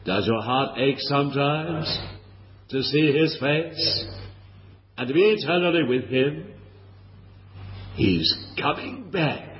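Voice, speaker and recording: A man's voice: a little high, expressive, slow, pauses often, slight background noise. A man preaching a sermon, earnest and pleading, asking his listeners question after question. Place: church hall. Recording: lo-fi recording in a reverberant hall.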